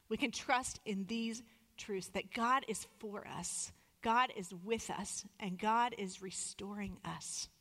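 A woman in her thirties delivers a sermon with earnest, measured phrasing, slowing on the words she wants to land. Her voice sits at an ordinary middle pitch. The recording carries a long reverb, as if in a large sanctuary. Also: a bit bright. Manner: earnest, measured, slows for emphasis. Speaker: preacher.

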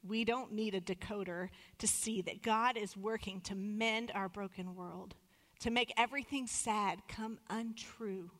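A woman's voice: mid-range voice, steady tone, a bit bright. Woman preaching in an echoey hall. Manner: earnest, measured, slows for emphasis. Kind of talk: sermon.

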